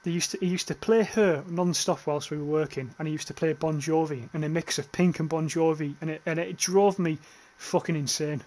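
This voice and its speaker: Chatty Northern English man, higher voice. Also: steady tone, fairly quick, hardly any pauses, darkish tone. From northern England. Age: young adult. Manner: chatty, swears freely, reads chat aloud. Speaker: livestreamer. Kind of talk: casual gaming livestream chat.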